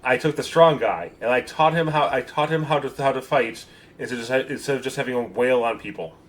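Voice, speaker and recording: A man's voice: medium pitch, fairly quick, close to an everyday voice, poor audio. A man voicing a male team leader who explains his tactics in a matter-of-fact way, stumbling over his restarts. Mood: explaining.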